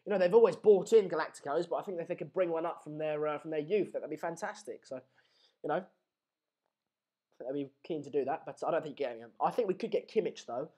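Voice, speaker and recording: A young man with a noticeably high voice hosts a live football stream. He breaks off his play-by-play to read viewer comments aloud, keeping the banter loose and chatty. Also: quick pace, mellow, breathy edge. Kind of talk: live match watchalong commentary.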